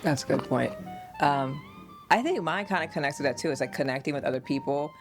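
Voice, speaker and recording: Lively storytelling woman host. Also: low-pitched, brisk, over music. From United States. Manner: animated storytelling, laughs often. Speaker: podcast host and mother. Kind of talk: casual family conversation.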